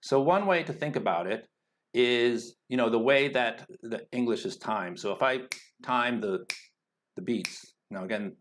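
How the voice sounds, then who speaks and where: A man teaching an exam-prep lesson, speaking slowly and deliberately, thinking aloud with frequent fillers and restarts. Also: medium pitch, a little hiss or hum. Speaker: IELTS teacher. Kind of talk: explanatory lesson talk.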